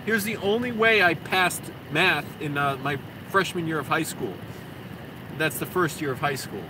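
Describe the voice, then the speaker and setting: A slightly high-voiced man rambles into his phone camera, cursing freely as he vents. A steady air-conditioning hum runs clearly under his voice in the noisy car recording. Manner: profane, rambling, quick to vent. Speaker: vlogger. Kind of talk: rambling casual monologue.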